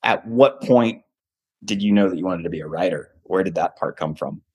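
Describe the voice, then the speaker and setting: Man in his thirties, lowish voice. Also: moderate pace, darkish tone, slightly rough, dry recording. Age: 30s. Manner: curious, conversational questioning. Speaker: podcast host. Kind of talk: interview questions.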